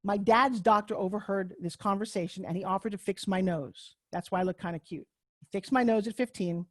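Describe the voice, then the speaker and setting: A woman's voice: medium pitch, fairly quick, no room sound. Brash Long Island woman telling her story. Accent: Long Island New York. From Long Island, New York. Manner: brash, candid, self-mocking, swears freely. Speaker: speaker giving a talk on a video call. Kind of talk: personal storytelling talk. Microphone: computer mic on a video call.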